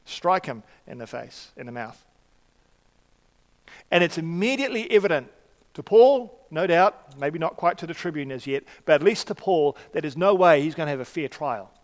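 Male preacher, fairly high voice, chatty sermon delivery full of ums and restarts, long hall reverb. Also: lively intonation, normal speed. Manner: conversational, with frequent fillers and restarts.

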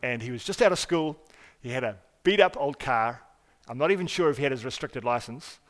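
A man preaching a sermon as pastor, earnest and emphatic, often restarting words and swinging between loud stresses and quiet asides. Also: medium pitch, animated, fairly quick. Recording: hall reverb.

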